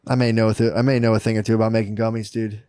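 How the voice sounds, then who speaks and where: A man's voice: on the low side, level tone, rapid-fire, mellow, no room sound, clean studio sound. Rambling man telling stories, says dude a lot. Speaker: podcast co-host. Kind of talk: casual comedic chat.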